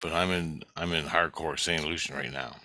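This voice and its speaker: A man's voice: extremely low pitch, steady tone, normal speed, bright, forceful tone, no echo. A man telling a dream story in a rambling, profane way, acting out the other people's voices. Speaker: vlogger.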